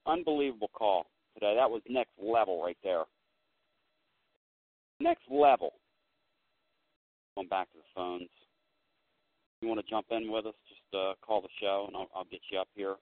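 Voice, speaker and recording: A man hosting a call-in sports talk show, ranting and swinging between low muttering and loud outbursts. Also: normal speed, pauses often, no echo. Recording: tinny phone-line sound, dry.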